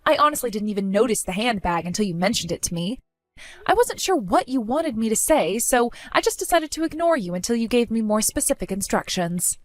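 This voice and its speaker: A woman telling a first-person story, speaking in a flat, weary and sarcastic way. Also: a little high, dry recording.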